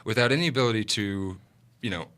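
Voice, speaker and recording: A man talks fast and eagerly as a guest on a radio talk show, walking through the numbers. His voice is bright and forceful, and it sits on the low side.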